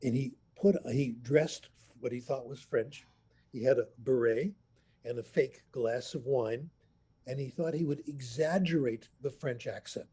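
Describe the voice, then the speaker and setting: A man in his eighties, a language professor telling anecdotes in an unhurried, storytelling way on a remote video call. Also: medium pitch, mellow, slightly rough. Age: 80s. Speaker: language professor, interview guest. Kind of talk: storytelling interview answer. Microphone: computer mic on a video call.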